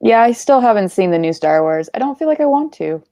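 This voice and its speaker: A woman's voice: a little high, sing-song, brisk, dark tone, no room sound, clean studio sound. A young woman hosting a live book club stream, chatting casually and rambling, sleepy and yawning, with offhand swearing.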